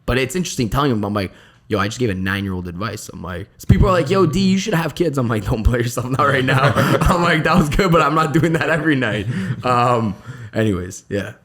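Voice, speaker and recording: A young man as a podcast guest in casual chat, telling stories quickly and acting out what people said to him. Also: medium pitch, lively intonation, fairly bright tone. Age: young adult. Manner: fast storytelling, acts out quoted dialogue, many "I'm like".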